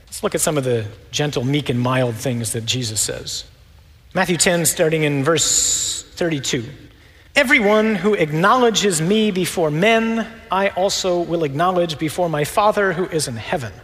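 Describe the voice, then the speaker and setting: Wry, animated male preacher in a reverberant hall. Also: fairly high pitch. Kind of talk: sermon.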